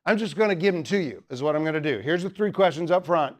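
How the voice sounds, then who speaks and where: A man's voice: a little high, expressive, fast. A young man teaching a student club in a humorous lecture, teasing the audience and chatting with lots of fillers. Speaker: teacher giving a talk.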